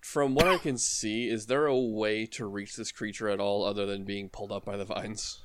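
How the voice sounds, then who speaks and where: A man with a fairly low voice plays a tabletop game in an easygoing way. He asks about the scene and calls out orders to his crew. The sound is close and dry. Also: fairly even intonation, normal speed, a bit bright, dry recording. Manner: easygoing, asks questions, gives orders in character. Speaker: player. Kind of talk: casual tabletop play.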